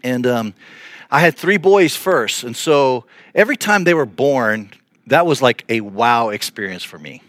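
A man in his fifties, a pastor delivering a podcast sermon in a conversational, animated way with playful asides. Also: medium pitch, measured pace, dry recording, studio quality.

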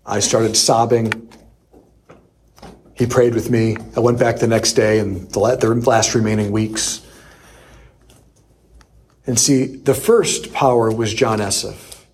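A man preaching a sermon, telling a personal story with lively acted-out quotes. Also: on the low side, slightly rough. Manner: animated storyteller who acts out quoted voices. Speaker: priest.

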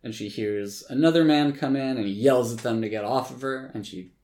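A man's voice: medium pitch, a little fast, a little mellow. A man hosting a podcast, casually recapping a film in a rambling way, full of likes and ums, with occasional swearing. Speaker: podcast host.

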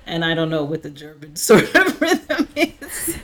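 A woman's voice: low-pitched, sing-song, unhurried. A woman hosting a casual conversation, thoughtful and full of "you know" fillers. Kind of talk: casual chat.

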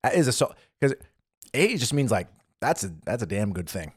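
A man's voice: mid-range voice, sing-song, normal speed, husky. A man co-hosting a casual podcast, rambling with lots of fillers and restarts. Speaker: podcast co-host. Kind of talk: casual chat. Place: living in Germany.

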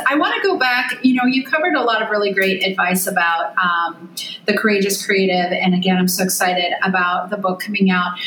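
Female podcast host, affirming interviewer; echoey room, faint background noise. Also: mid-range voice. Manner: warm affirming, frequent "yeah". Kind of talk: casual interview chat.

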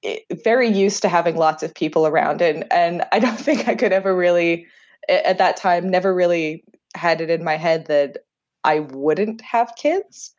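A woman in her thirties with a Canadian accent, chatty and self-deprecating, telling her story as a podcast guest with halting restarts. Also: lowish voice, darkish tone, dull audio. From Jersey, Channel Islands. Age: 30s. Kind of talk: remote interview, personal story.

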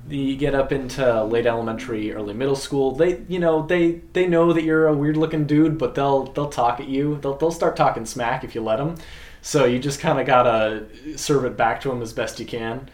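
A man's voice: mid-range voice, normal speed, reverberant. A man chatting casually in an interview, telling anecdotes and acting out other people's voices. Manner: animated storyteller, acts out voices of others. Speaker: parade troll performer.

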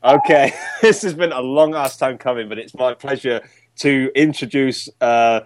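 A man's voice: mid-range voice, moderate pace, no echo. A man co-hosting a casual podcast, laid-back and full of fillers. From England. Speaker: podcast co-host.

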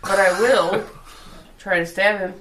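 Woman player in a tabletop game, talks real slow, bit of hiss. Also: medium pitch, fairly even intonation, fairly bright tone, recorded from a distance, low-quality recording. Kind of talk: casual tabletop game play.

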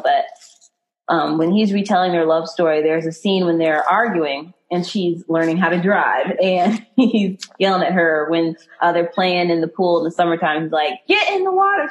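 A woman hosting a relaxed podcast conversation, talking with enthusiasm. She retells things at length with easy filler words. Her voice sits a little low. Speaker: podcast host. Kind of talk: casual chat.

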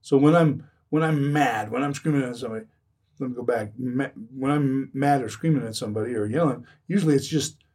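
A man's voice: mid-range voice, fairly quick, a little mellow, far from the mic. A man who speaks about recovering from addiction, talking earnestly in a podcast conversation, often restarting and repeating his phrases.

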